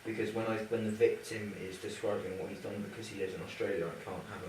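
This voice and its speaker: A young man earnestly pitching his documentary idea to a group, with some halting restarts. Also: fairly even intonation. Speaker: student presenting a documentary idea. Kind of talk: casual group discussion. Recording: echoey room from far off, noisy.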